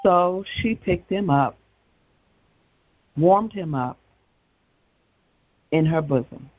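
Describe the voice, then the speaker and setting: A man's voice: fairly high pitch, drawn-out words, dull audio. A man hosting an evening gospel talk show, telling a story with casual asides. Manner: conversational storytelling, frequent asides. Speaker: host.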